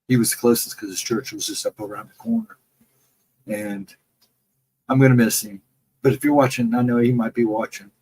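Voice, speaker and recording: On poor audio, a husky, slightly mellow mid-range male voice hosts a laid-back late-night stream. He wanders through folksy stories, restarting as he goes, and responds to comments he reads aloud from chat.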